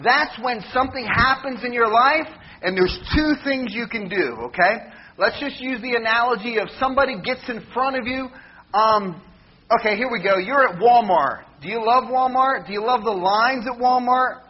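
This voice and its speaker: High-voiced joking preacher man. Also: normal speed, dull audio. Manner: jokey, animated storytelling, mock shouting. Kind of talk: humorous sermon.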